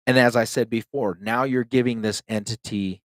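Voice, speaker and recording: A man's voice: mid-range voice, steady tone, moderate pace, dry recording. A man hosting a paranormal podcast, telling a ghost story in a loose, rambling way full of "like" and "um,". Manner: loose and rambling, heavy use of "like" and "um". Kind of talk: casual storytelling.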